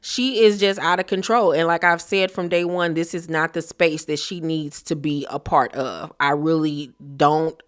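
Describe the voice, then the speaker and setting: A woman's voice: sits low, fairly even intonation, moderate pace, few pauses. A woman giving blunt, opinionated recap commentary on a reality TV show.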